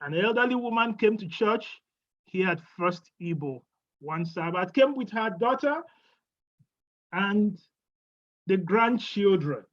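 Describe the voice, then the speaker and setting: Slow-preaching woman pastor. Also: medium pitch, animated. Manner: rhetorical questions answered herself. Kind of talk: funeral sermon. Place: church. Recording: dull lo-fi church recording.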